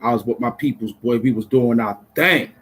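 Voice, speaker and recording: An adult man from Brooklyn, chatting casually on a livestream in an excitable, rambling way full of street slang. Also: mid-range voice, moderate pace, husky, rough recording. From Brooklyn, New York. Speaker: vlogger.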